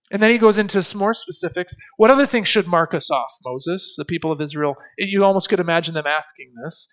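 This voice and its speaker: A male pastor delivers a sermon with a notably high voice. He speaks earnestly and at a measured pace, slowing to give weight to the phrases he wants to stress. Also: a bit bright.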